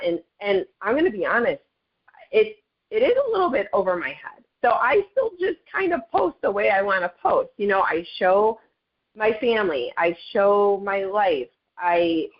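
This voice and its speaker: A woman with a slightly low voice gives a casual motivational talk on a group call. She is chatty and earnest and keeps turning to her listeners. The audio is dull and lo-fi, like a compressed call line. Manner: chatty and earnest, addresses listeners as "you guys". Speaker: network marketing leader sharing her story.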